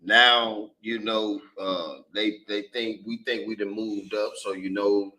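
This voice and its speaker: A man's voice: lowish voice, steady tone, slow, sharp tone, distant mic, rough recording. A man in a class discussion, adding to the main speaker's point in a casual way. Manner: agreeing, building on the speaker's point. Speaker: class participant.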